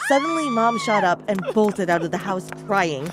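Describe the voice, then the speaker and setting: A woman narrating an animated story in a lively, chatty first-person style. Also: medium pitch, normal speed, few pauses. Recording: background music under the voice.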